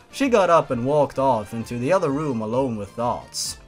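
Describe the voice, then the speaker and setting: A man's voice: mid-range voice, lively intonation, moderate pace, faint music behind. A man giving a comedic dramatic reading and giggling at his own asides. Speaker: comedic fanfic reader.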